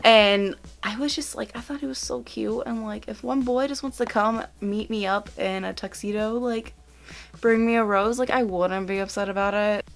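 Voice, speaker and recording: A woman's voice: medium pitch, normal speed, gravelly. Gushing young woman vlogger. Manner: gushing, giggly, lots of "like" and "oh my God". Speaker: YouTuber. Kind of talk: casual vlog countdown.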